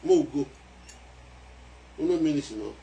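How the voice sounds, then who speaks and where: A man with a Nigerian accent giving excitable casual commentary on a song, repeating phrases as he goes. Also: on the high side, slow pace, vocal fry, recorded from a distance. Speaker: music commentator.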